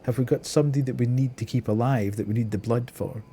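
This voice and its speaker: A man's voice: mid-range voice, fast, dark tone, a little hiss or hum. A man with a mild Scottish accent giving chatty, wry live commentary on a game he is streaming, often breaking into laughter.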